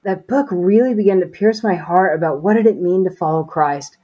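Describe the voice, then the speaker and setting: A woman's voice: fairly low pitch, fairly quick, husky, dull audio. A woman as an interview guest giving a personal faith testimony in conversation, earnest and storytelling, with frequent "you know" and "like".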